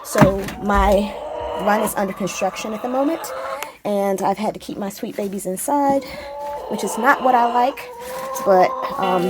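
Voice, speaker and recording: Woman, farm owner, casual vlog chat, filler-heavy, mid pitch, music bed. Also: expressive, slow, long pauses. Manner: chatty and informal, with frequent ums. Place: outdoors around a small farm.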